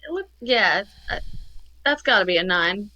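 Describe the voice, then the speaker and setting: A woman's voice: medium pitch, expressive, moderate pace, bright, forceful tone, no room sound. A woman playing in a tabletop game, chatty and full of questions for the game master. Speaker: player. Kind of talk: casual tabletop play.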